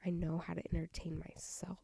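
A woman in her twenties with a slight southern twang, hosting a casual solo podcast, rambling softly with many fillers and restarts while her voice is going out. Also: lowish voice, completely flat delivery, a little fast, no room sound. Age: 20s. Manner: rambling, lots of fillers and restarts, soft breathy delivery. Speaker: podcast host. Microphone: home microphone.

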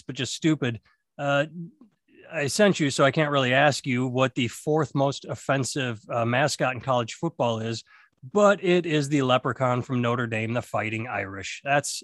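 A man's voice: mid-range voice, fairly bright tone, dry recording, studio quality. A man co-hosting a podcast, rambling and swearing through casual banter. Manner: rambling, profane, laughs often. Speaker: podcast co-host.

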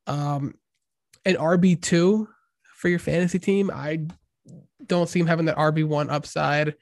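Slightly high-voiced fantasy football co-host. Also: male voice, steady tone, measured pace, vocal fry, no echo, studio quality. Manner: hesitant, fantasy-football analysis with fillers. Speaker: podcast co-host. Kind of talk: casual sports chat.

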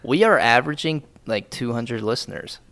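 A man's voice: mid-range voice, animated, moderate pace, a bit bright. A young man co-hosting a podcast in casual chat, swearing often and laughing easily. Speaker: podcast co-host.

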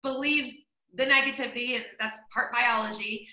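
An enthusiastic woman host with a high, very bright voice gushes over her guest's advice. She is heard in an echoey room. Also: steady tone, moderate pace. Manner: enthusiastic, effusive. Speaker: podcast host reading listener questions. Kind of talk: casual podcast chat.

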